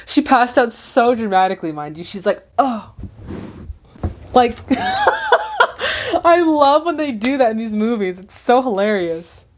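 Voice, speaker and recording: A woman's voice: a little high, unhurried, slight background noise. Chatty woman reacting to a movie. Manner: animated, exclaiming, chatty.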